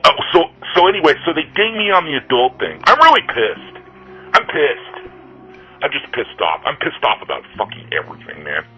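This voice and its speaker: A man's voice: medium pitch, husky, muffled recording. A man hosting his own show, ranting angrily and profanely in a rambling monologue. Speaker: podcast host.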